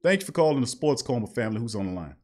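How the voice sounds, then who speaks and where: A man's voice: medium pitch, big pitch swings, very fast, darkish tone. Heated New sports-talk man. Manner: heated, emphatic, repeats points. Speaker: sports talk show host. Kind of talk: live call-in sports talk.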